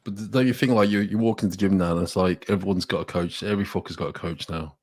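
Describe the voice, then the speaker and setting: A man's voice: low voice, fairly even intonation, quick pace, a little mellow. A man hosting a casual podcast, asking easygoing questions and backing up his guest. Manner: laid-back, prompting questions. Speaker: podcast host.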